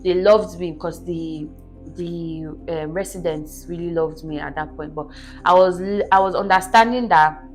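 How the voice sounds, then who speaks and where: A woman telling her life story as a podcast guest in a relaxed chat, earnestly checking that her listener understands. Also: on the low side, normal speed, faint music behind. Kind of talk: casual interview storytelling.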